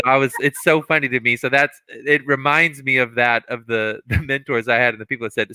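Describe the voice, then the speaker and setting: A man hosting a casual conversation, an animated storyteller who acts out quotes and laughs often. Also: medium pitch, brisk, clear, resonant tone, no echo. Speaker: podcast host, music teacher.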